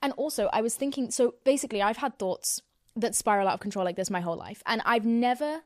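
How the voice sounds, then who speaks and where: A woman's voice: on the high side, fast talker, no echo, studio quality. A young woman hosting a podcast, rambling through a casual, profane, self-mocking rant. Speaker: podcast host.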